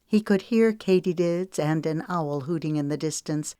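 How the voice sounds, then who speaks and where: Low-voiced woman reading a novel. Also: normal speed, dark tone, clear, resonant tone, no echo, clean studio sound. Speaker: author reading her novel. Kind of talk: audiobook narration.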